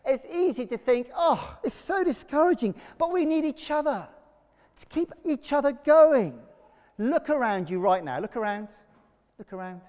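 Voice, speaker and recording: A man preaching a sermon to his congregation, energetic and leading them in call-and-response. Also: very high voice, normal speed. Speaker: pastor. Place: church. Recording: long reverb of a church hall.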